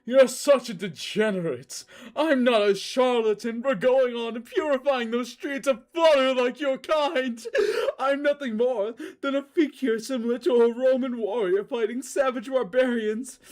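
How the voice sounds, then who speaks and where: A man's voice: very high voice, a little slow, voice pushed up. A man voicing a pompous young male gang leader who sneers and speechifies theatrically. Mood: sneering.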